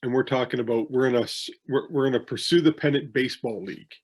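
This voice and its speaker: Talking fast in a slightly rough, somewhat mellow mid-range voice, a wrestling promoter co-hosts a podcast. His casual chat drifts through rambling stories, with frequent fillers and restarts.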